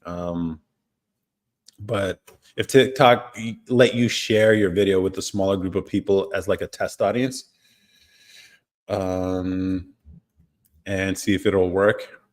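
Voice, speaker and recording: A man's voice: sits low, fairly even intonation, takes it slowly, long pauses. A man hosting a live stream, chatting casually with viewers, reading their comments and chuckling often. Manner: laid-back, chuckles often, trails off. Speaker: livestream host.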